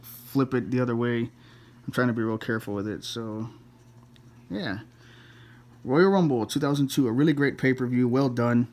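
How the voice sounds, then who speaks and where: A man chats to camera through a casual collection review. His pitch sits in an ordinary middle range, and he keeps stopping to correct himself and fill the gaps with ums and uhs. His tone is blunt and a little crude. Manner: rambling, full of fillers and self-corrections.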